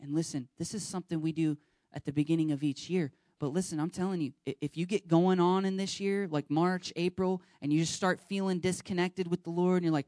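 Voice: medium pitch, fairly even intonation, brisk, a little mellow, no room sound, studio quality. A pastor preaching earnestly and urging the listeners directly, now and then acting out short bits of dialogue. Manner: acts out short dialogue scenes. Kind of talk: sermon.

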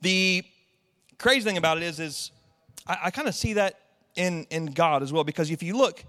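A man delivers a sermon in a loose, chatty way, tossing in fillers and quick asides to the congregation. His voice sits high for a man. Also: bright, forceful tone, in a large hall. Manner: casual, conversational preaching with many fillers. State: tearful, sniffling. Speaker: pastor.

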